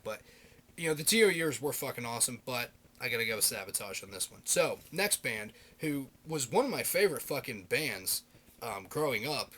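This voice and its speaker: A man in his thirties rambling excitedly in a casual video blog, swearing constantly and piling up fillers. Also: mid-range voice. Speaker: video blogger.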